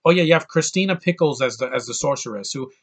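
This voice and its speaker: A man's voice: mid-range voice, lively intonation, quick pace, creaky, breathy edge. A man giving a casual, rambling spoken film review, enthusiastic and full of restarts. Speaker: movie reviewer.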